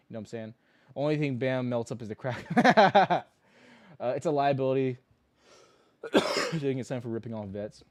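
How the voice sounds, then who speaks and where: A young man hosts a loose livestream about trading, talking in a rambling, slangy, joking way. His voice sits at an ordinary middle pitch, and every so often he jumps into loud, mocking bursts. The sound is dry and close, with no room around it. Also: no echo. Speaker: livestream stock trading host. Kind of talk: casual livestream chat.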